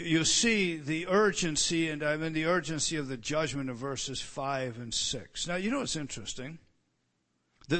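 A man's voice: fairly high pitch, a bit bright. A man preaching an expository sermon, emphatic and repetitive, who often restarts his sentences and rises on key words. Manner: stammering restarts. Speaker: pastor.

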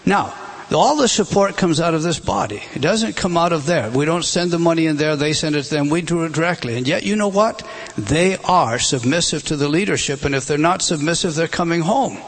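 A man's voice: on the high side, brisk. A middle-aged man preaching a sermon, emphatic, with rhetorical questions. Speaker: pastor.

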